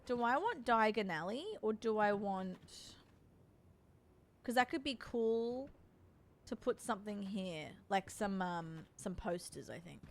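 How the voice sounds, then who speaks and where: A woman's voice: mid-range voice, expressive, measured pace, creaky, slight background noise. A young Australian woman chatting with her viewers as she plays, playful and familiar, calling them doll and babe. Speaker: streamer. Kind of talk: casual live-stream chat while playing.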